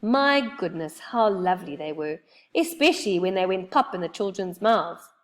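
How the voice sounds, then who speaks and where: Woman reading a kids book out loud, very lively sing-song voice. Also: lowish voice, moderate pace. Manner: expressive, lively storytelling. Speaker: storyteller. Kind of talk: reading a children's book aloud.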